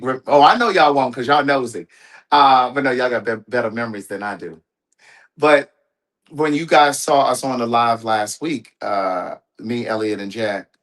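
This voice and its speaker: A man chats to his viewers from home in a casual livestream. He tells a personal story in a loose, rambling way, backing up to correct himself and tossing asides to the audience. His voice sits at an ordinary, middle pitch. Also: a bit bright. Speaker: livestream host.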